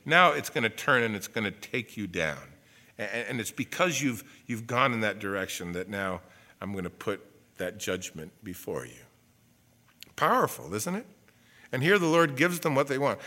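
Male pastor, animated sermon, bright tense tone, acts out quotes. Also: mid-range voice. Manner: animated preaching with asides and acted-out quotes.

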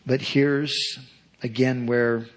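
A man preaching a sermon, earnest and measured, repeating phrases for emphasis. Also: mid-range voice, flat delivery. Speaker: pastor.

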